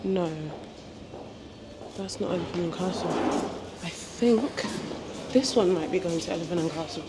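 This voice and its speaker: A young woman, chatting casually to camera as she walks around the city, bubbly and quick to laugh. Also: on the low side. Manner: chatty and bubbly, laughs often, talks to camera while out walking. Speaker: vlogger. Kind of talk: casual vlog chat. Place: outdoors and in a train station. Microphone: small clip-on mic. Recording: noisy street and station background.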